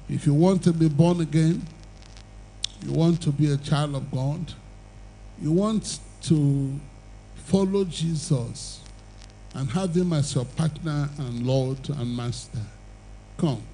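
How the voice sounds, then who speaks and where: Gravelly older preacher, slow and emphatic. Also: male voice, fairly high pitch, dark tone, a little hiss or hum, low-quality recording. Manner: emphatic, repetitive exhortation with chuckles. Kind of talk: evangelistic sermon and altar call.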